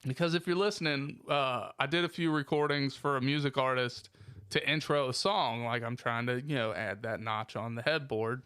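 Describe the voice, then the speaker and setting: A man's voice: mid-range voice, moderate pace, fairly bright tone, clean tone, no echo. A man co-hosting a podcast in casual banter, joking around and laughing often. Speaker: podcast co-host.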